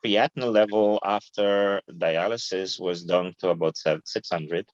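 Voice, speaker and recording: A middle-aged man, a guest telling his story in an animated, informal way and laughing easily. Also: sits low, a little slow, no room sound. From Guyana. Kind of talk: casual interview storytelling. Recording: dull lo-fi, dry.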